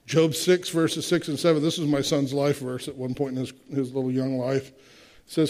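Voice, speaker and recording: A man's voice: medium pitch, little pitch movement, moderate pace, a little mellow. A man in his sixties preaching a sermon, emphatic, with rhetorical questions and direct asides to the congregation. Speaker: pastor.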